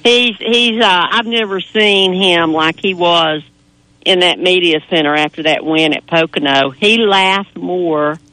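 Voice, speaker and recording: A woman's voice: low-pitched, pushed and bright, dry recording, low-quality recording. A woman on a racing panel, chatting enthusiastically and sometimes hesitating as she weighs her picks. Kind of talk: casual chat about racing.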